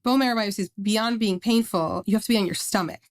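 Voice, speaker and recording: A woman's voice: mid-range voice, fast. A woman in her thirties, a podcast guest, telling her story conversationally with lots of "like" fillers and acted-out quotes. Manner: animated retelling with many "like" fillers, acting out quotes.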